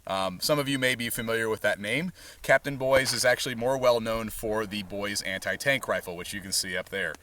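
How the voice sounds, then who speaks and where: A man hosting a firearms channel, explaining history and handling in a casual, halting way full of ums and uhs. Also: lowish voice, pushed and bright. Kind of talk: casual explanatory talk at the range. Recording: distant mic, faint background noise.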